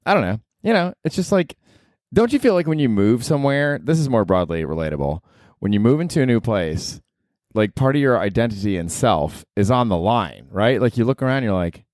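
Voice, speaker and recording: A man's voice: on the low side, animated, a little fast, darkish tone, no room sound, studio quality. A man hosting his own podcast alone from his apartment, rambling casually with lots of swearing and self-mockery. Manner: profane, self-mocking rambling. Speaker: podcast host. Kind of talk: casual solo podcast monologue.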